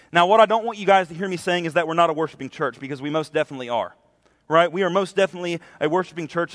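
A man's voice: on the high side, a bit bright. A young man giving his first sermon to his home church, earnest and a little nervous, often asking the congregation "right?". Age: young adult. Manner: earnest, nervous first-time preacher with frequent "right?" tags. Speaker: preacher. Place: church sanctuary. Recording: church with long reverb.

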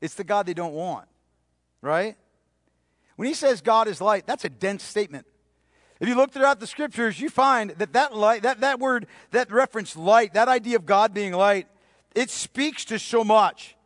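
A man preaching a sermon, emphatic, repeating key phrases and dropping to a hushed voice for stress. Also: sits high, moderate pace, dry recording, studio quality. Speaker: pastor.

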